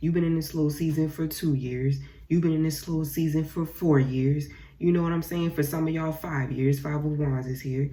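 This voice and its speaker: A woman's voice: low-pitched, fairly even intonation, normal speed, few pauses, dark tone. A young woman giving a casual tarot reading, blunt and profane, repeating phrases and talking straight to her viewers. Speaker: tarot reader.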